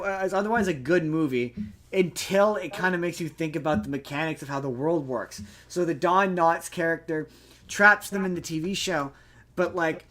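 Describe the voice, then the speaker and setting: A man's voice: fairly high pitch, a bit bright. A young man co-hosting a podcast, recapping a movie plot in a loose, rambling way full of fillers and restarts. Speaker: podcast co-host. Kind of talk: casual movie chat.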